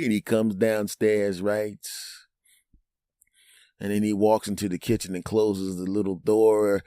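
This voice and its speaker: Male podcast host, low voice, animated comic storyteller; dry studio sound. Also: measured pace, pauses often, no echo. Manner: animated, acts out every character, stretches words for comic effect. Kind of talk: comedic storytelling monologue.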